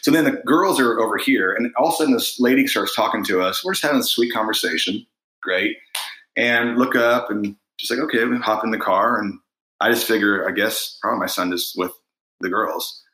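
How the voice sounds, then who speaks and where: A man's voice: lowish voice, a little fast, reverberant, poor audio. A middle-aged man, a guest singer-songwriter, telling a story in a casual interview and acting out the voices of the people in it. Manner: animated storyteller, acts out quoted voices.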